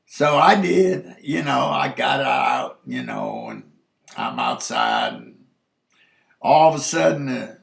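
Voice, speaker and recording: Slow, gravelly man telling a story. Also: very animated. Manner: rambling, halting, full of restarts and "you know"; rises sharply in pitch for incredulous asides. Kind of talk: casual personal storytelling. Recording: echoey room.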